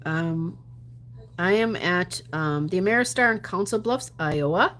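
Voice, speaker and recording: A woman's voice: lowish voice, expressive, measured pace, fairly bright tone. A woman chatting casually on a livestream, answering viewer comments, laughing often and dropping to mutters and whispers. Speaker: gambling livestreamer.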